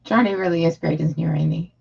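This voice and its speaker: A woman's voice: sits low, fast talker, creaky, a little mellow, husky, lo-fi sound. A woman chatting casually on her live stream, rambling and frustrated, with lots of fillers.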